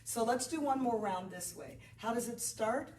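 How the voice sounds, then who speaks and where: A woman's voice: a little high, expressive, normal speed, a little mellow, recorded from a distance, a little hiss or hum. A woman yoga instructor guiding a beginner class, chatty and encouraging as she calls out breath cues. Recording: roomy, off-mic with faint ambience.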